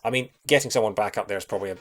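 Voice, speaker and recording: Man with a soft Scottish accent. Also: lowish voice, racing. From Scotland. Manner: chatty, thinks aloud, many ums and restarts, greets viewers. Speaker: streamer playing a retro game. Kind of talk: casual live-stream commentary.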